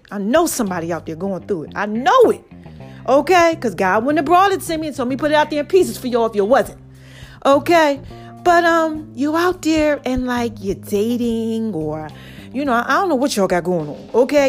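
A woman with a high voice tells a story to her viewers in a loose, chatty way. She talks with energy and emphasis and turns to her audience again and again. Soft music plays faintly behind her. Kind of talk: casual storytelling to camera.

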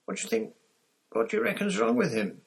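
A man's voice: sits high, sing-song, quick pace, gravelly, pitched above the performer's own voice, exaggerated voice, poor audio. A man voicing an anxious, hot-tempered teenage boy pressing urgent questions.

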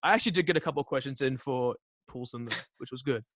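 A young man chatting casually, full of "um"s and restarts, often trailing off quietly. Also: mid-range voice, dry recording. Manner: halting, filler-heavy, trails off quietly. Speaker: podcast guest. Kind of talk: casual chat.

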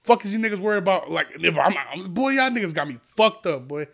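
A young man hosting a podcast, ranting profanely and heatedly, swinging between low mutters and loud outbursts. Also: expressive, fast talker, creaky. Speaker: podcast host.

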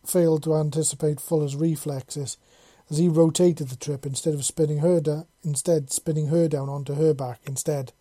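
An audiobook narrator reading a story aloud in a steady, even storytelling manner. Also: mid-range voice, moderate pace, few pauses, no echo. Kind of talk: reading fan fiction aloud.

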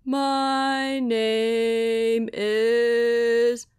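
A woman voicing a slow, gentle male sloth who stretches out every word. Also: a little high, flat delivery, clear, resonant tone, dry recording, studio quality. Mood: dreamy. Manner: drawn-out, very slow speech.

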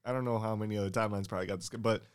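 A man's voice: lowish voice, steady tone, rapid-fire, clear, resonant tone. A man co-hosting a podcast in loose, profane, joking casual chat. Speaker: podcast co-host.

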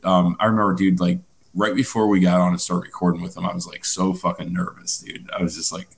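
A man's voice: sits low, level tone, fast talker, creaky. A man co-hosting a podcast, telling a rambling story full of fillers and swearing in casual chat. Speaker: podcast co-host.

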